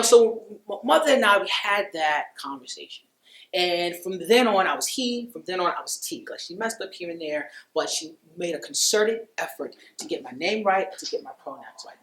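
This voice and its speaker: A man with a bright, forceful voice, heard in an echoey room, tells a personal story to a dinner audience. His delivery is conversational and loose, full of "you know" and quick laughs. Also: sits high, big pitch swings. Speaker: speaker at a dinner talk.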